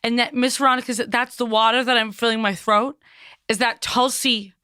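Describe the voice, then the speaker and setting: A woman's voice: fairly high pitch, fairly even intonation, brisk, pushed and bright, smooth, dry recording, studio quality. A woman impersonating a chatty middle-aged psychic medium with a Long Island accent, rambling with many fillers in a comedy sketch. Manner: rambling, full of fillers and restarts.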